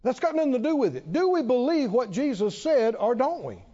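A man preaching a sermon, emphatic, asking many rhetorical questions and pausing for effect. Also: very high-pitched, sing-song, dark tone. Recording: dull reverberant hall sound.

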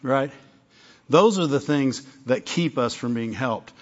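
Conversational preacher with a dull recording. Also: male voice, mid-range voice, takes it slowly. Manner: conversational, self-interrupting, acts out little dialogues. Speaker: pastor. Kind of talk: sermon.

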